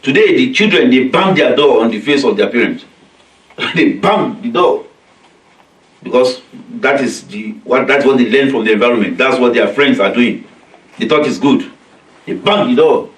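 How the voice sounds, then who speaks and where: A man's voice: mid-range voice, animated, normal speed. Male religious teacher, weekly lesson, explains Arabic verses in plain English, acts out the quotes, echoey community hall, far from the mic. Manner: recites verses in Arabic and explains them in simple, repetitive English; acts out quoted voices of children and parents. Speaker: religious teacher leading a weekly study circle. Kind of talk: religious lecture.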